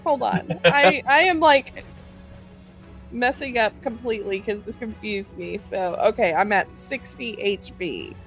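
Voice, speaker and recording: A woman's voice: mid-range voice, measured pace, fairly bright tone, faint music behind, poor audio. A woman playing a tabletop game who gets flustered and stops herself mid-sentence. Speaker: player. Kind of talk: casual game chat.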